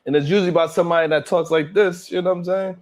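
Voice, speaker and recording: A male livestream host who rambles and laughs as he reads out chat names, talking in with plenty of swearing. His voice sits a little higher than most men's. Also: fairly even intonation, rapid-fire.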